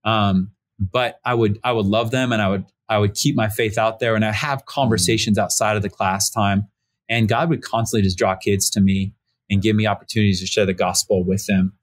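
A man's voice: on the low side, steady tone, fairly quick. A man in his thirties, a pastor and podcast guest, telling a personal story in a casual, conversational way with many fillers, raising his voice when he acts out the people he quotes. He joins the conversation remotely. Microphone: remote call setup.

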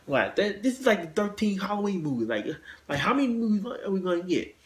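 A man hosting his own channel, ranting casually about films in a halting way, with lots of restarts, repeated words and blunt swearing. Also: sits high, expressive, darkish tone, slight background noise. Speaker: host. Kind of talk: casual movie rant.

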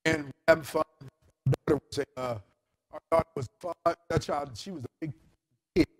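A male pastor, preaching a storytelling sermon to his congregation. He tells the story with lively character voices and laughter. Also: a little high, normal speed, soft background music. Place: church service in a hotel venue. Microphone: handheld or lapel mic.

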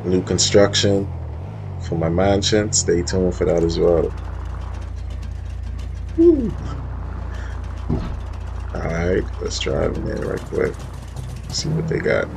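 A man's voice: sits low, little pitch movement, measured pace, gravelly, noisy background. A man giving laid-back, slangy commentary in a gaming vlog, talking straight to his viewers. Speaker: roleplay gamer showing off his cars.

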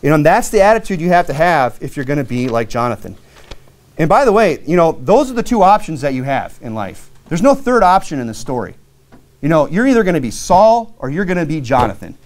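Man preaching, slightly higher voice, earnest, plainspoken, lots of fillers. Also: very animated, a little fast. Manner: reads King James scripture aloud, rising in pitch on key verses. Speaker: pastor. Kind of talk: sermon.

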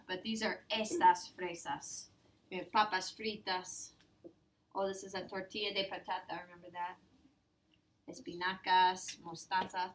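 A woman's voice: a little high, fairly bright tone. A woman teaching a Spanish lesson, explaining grammar step by step and mixing English with Spanish words. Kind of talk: online class lesson.

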